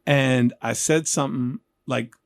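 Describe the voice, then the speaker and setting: A man's voice: medium pitch, measured pace, no echo. Joking fifty-something male host, dry sound. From New York. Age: 50s. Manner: animated, joking storyteller who acts out quotes. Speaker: podcast host. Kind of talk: casual interview chat.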